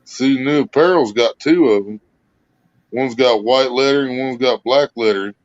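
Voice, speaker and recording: A laid-back man hosting a livestream, joking and swearing with his viewers. His voice sits at a middle pitch and sounds close and dry. The audio is a little dull and lo-fi. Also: normal speed, no room sound. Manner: profane, laid-back banter. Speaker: livestream host. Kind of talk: casual chat.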